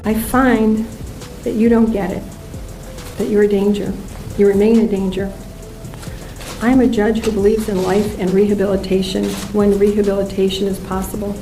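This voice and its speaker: A woman judge passing sentence in a courtroom with firm, deliberate words. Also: medium pitch, level tone, warm tone. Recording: echoey courtroom audio, far from mic. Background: music.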